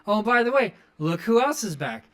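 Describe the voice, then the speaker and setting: A man voicing a cocky female wrestler calling out a rival, pushed louder and a bit higher than his own voice. She sounds pointed and challenging. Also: very animated, normal speed.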